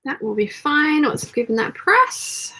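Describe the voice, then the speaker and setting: A woman's voice: sits high, big pitch swings, measured pace, pushed and bright. A woman hosting a sewing live stream, reading viewer comments aloud and chatting back casually as she sews. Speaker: sewing channel host.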